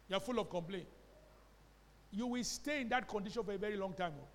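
Nigerian pastor preaching in a hall. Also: male voice, high-pitched, brisk, pauses often. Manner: emphatic preaching with call-and-response questions; slips into Pidgin phrases. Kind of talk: sermon. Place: church hall.

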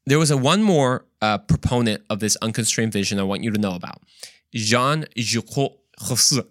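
A man's voice: on the low side, lively intonation, quick pace, no room sound, clean studio sound. A man hosting a Christian podcast, talking emphatically in a monologue, firing off rhetorical questions and often repeating himself. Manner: repeats words and restarts often. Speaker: podcast host.

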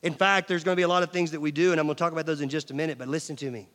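A middle-aged male pastor preaching a sermon, swinging from loud emphasis to near-whispers and asking the audience questions. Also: on the high side, steady tone, very fast. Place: large church hall. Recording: long church hall reverb.

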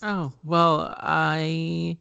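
A man's voice: fairly high pitch, little pitch movement, extremely slow, gravelly, pushed and bright, clear, resonant tone, no room sound, dull audio. A man co-hosting a podcast in casual chat, rambling with many fillers and self-corrections. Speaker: podcast co-host.

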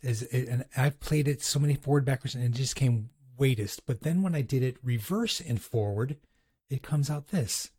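Host type, man, husky voice, dry close sound, chatty and chuckly. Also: medium pitch, moderate pace, a little mellow, no echo. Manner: chuckles often, restarts sentences. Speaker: host reviewing recorded audio clips. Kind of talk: casual chatty commentary.

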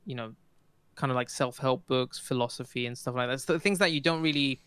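A man in his thirties with a smooth, resonant voice, chatting casually as a podcast co-host. He talks hesitantly, stopping and restarting his sentences. The sound is dry and close. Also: mid-range voice, a little fast, fairly bright tone, no room sound. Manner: hesitant, many restarts and fillers. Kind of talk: casual chat.

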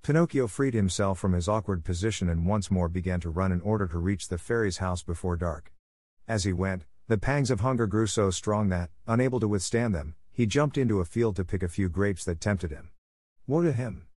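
A man with a low voice reads a children's classic aloud in scripted storybook narration. His delivery is steady and even, recorded close and dry with no room sound. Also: dry recording. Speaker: audiobook narrator.

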